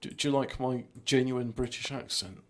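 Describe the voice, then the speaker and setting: A man's voice: medium pitch, level tone, normal speed, fairly bright tone. A man giving rambling, self-mocking commentary while playing a video game. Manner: self-mocking, trailing off, lots of restarts. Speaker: gameplay streamer.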